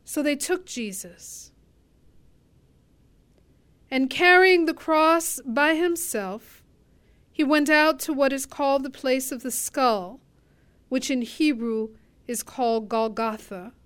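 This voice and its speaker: A woman reads a scripture passage aloud, slow and measured. Her voice sits high, and she lets each phrase settle before moving on. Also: fairly bright tone, clean tone. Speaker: scripture reader. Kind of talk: scripture reading.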